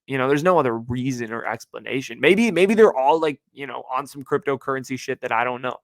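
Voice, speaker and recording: A man's voice: brisk, few pauses, no room sound. A young man hosting a podcast, ranting casually with slang and swearing, and jumping into mocking voices. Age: young adult. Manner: animated, swearing, slangy, jumps into mocking high-pitched voices. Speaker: podcast host. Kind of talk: casual solo rant.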